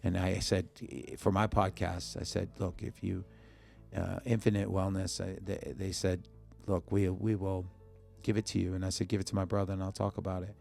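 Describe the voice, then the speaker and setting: A man with a very deep, gravelly voice tells a personal story as a guest in a podcast studio. He talks in short bursts, acting out the lines of the people in his story, and his rough low tone sits close to a studio mic. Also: little pitch movement, normal speed, a little mellow, faint music behind. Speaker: musician guest. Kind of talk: emotional personal storytelling in an interview.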